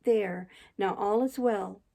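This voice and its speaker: A woman's voice: medium pitch, slow, gravelly, dark tone. A woman voicing a delirious dying man in a storybook reading, pleading tenderly and brokenly. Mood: longing.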